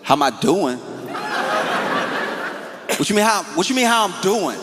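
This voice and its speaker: A man doing a shrill, indignant grieving man. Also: a little fast, big-room sound, noisy background, close to an everyday voice. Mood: indignant, shouting. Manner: shrill, incredulous yelling. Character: grieving man yelling at his friend, indignant. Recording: live club sound with audience.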